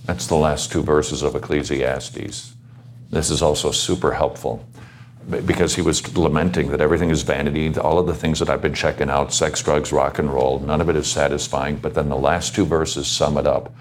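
A man with an extremely low, deep voice talks earnestly to a gathered audience on a Christian panel. He exhorts and asks the room questions. A faint hiss of background noise sits under him. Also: steady tone, moderate pace.

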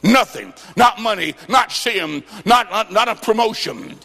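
High, gravelly-voiced preacher. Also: male voice, animated, a little slow. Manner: emphatic and folksy, with sudden shouted bursts and dry humor. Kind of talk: sermon.

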